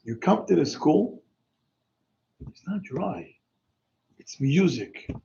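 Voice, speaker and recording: Animated rabbi preaching. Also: male voice, on the high side, slow pace, creaky, slight background noise. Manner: animated, emphatic, exclaiming, mixing in Hebrew words. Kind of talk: sermon. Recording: dull lo-fi recording.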